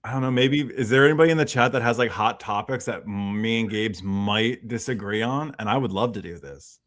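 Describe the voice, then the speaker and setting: A man in relaxed conversation on a live-streamed chat show, musing thoughtfully about openness and curiosity. His delivery is easygoing and unhurried, with the odd casual swear word thrown in. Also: fairly low pitch. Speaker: podcast host.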